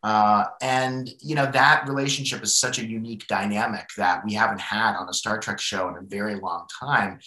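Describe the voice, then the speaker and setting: A man's voice: fairly low pitch, steady tone, normal speed, hardly any pauses, bright, forceful tone. A man moderating an interview, asking enthusiastic, rambling questions full of fillers. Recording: echoey room.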